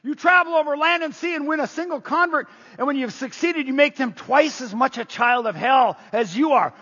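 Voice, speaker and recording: A man voicing a furious male prophet who thunders rebukes at hypocrites, stretching his shouted words. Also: extremely high pitch, brisk, pitched above the performer's own voice. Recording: muffled, long hall reverb.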